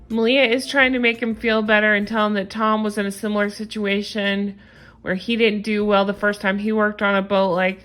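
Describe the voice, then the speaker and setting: A woman's voice: mid-range voice, fairly bright tone. A woman hosting a casual reality-show recap, opinionated and sarcastic, often exasperated. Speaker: recap host.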